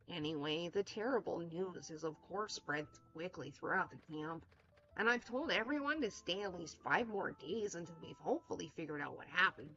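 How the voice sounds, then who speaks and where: A woman voicing a meek, pushover man who runs a camp, speaking low and soft. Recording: dull lo-fi with music.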